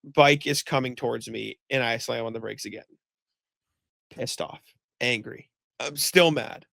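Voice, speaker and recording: Casual podcast co-host, a man with a gravelly, fry-heavy voice, venting through a long story. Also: mid-range voice, measured pace, a bit bright, no room sound. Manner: rambling storytelling with many "like" fillers and swearing; exasperated ranting. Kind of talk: casual chat.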